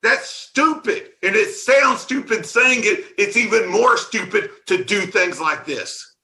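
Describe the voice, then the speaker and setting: Male conference speaker, high bright voice, sarcastic and animated rant on stage. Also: unhurried. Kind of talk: conference talk.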